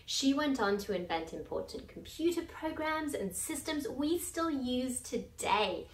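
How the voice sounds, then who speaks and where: A woman's voice: high-pitched, lively intonation, a little slow. A young woman hosting an upbeat scripted vlog, playful and theatrical, with bursts of mock outrage. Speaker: host. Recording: roomy indoor sound.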